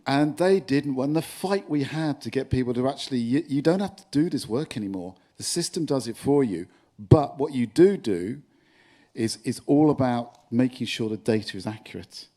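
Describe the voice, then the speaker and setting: A man's voice: medium pitch, moderate pace. An older man with a London accent, speaking bluntly and with animation as a panelist at a conference. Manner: blunt, animated, laughs at himself. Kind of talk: panel discussion. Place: conference stage with live audience.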